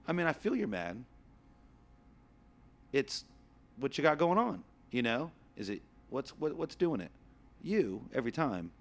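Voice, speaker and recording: A man's voice: medium pitch, sing-song, measured pace, long pauses, a bit bright. Laughing, swearing male podcast host. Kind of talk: casual podcast chat.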